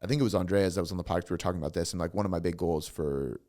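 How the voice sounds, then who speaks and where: A man, a coach, talking casually and animatedly on a podcast, swearing freely as he tells stories. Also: deep voice. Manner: fast, swearing, animated storytelling. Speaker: fitness coach, guest.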